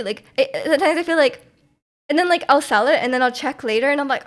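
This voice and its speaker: A young woman streamer with a high, expressive voice talks fast as she casually chats with viewers and reads their messages. She rambles, says "like" a lot, restarts her sentences, and laughs often.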